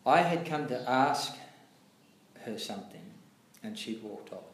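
A man's voice: mid-range voice, measured pace. Chatty man telling stories. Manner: animated storyteller, acts out quotes, many fillers. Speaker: devotee recalling past. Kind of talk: casual storytelling chat. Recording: echoey room, faint noise.

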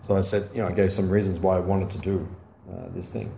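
A man giving a storytelling sermon, laughing often and tagging lines with quick asides to his listeners. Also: sits low, little pitch movement, gravelly, warm tone. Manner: anecdotal, laughing often, frequent "right?" asides. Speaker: spiritual teacher. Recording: dull, roomy recording with faint ambient noise.

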